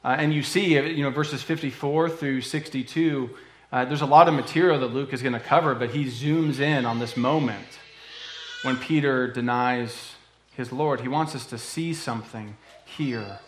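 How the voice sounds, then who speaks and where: A man preaching a sermon in an earnest, conversational way, often pausing with fillers. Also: mid-range voice, reverberant, slight background noise. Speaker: pastor.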